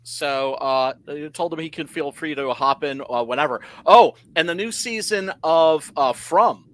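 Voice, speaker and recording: A man co-hosting a casual movie chat, animated and mocking, with plenty of "uh" and "like". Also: on the high side, measured pace. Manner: animated, mocking quoted voices. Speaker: co-host. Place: convention livestream.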